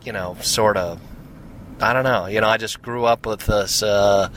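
A man's voice: lowish voice, fairly even intonation, normal speed, fairly bright tone, slight background noise, low-quality recording. A man from the Seattle area with an American accent, hosting his podcast in a casual, rambling monologue that wanders off on tangents. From Seattle area, USA. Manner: chatty, wanders off on tangents, many fillers. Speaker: podcast host.

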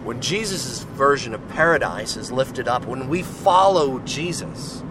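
A man's voice: mid-range voice, animated, measured pace. A man giving an informal Christian testimony, earnest and rambling, with many restarts and frequent "right?" and "you know". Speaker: Christian speaker sharing testimony. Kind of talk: informal preaching with personal testimony. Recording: noisy street with passing cars.

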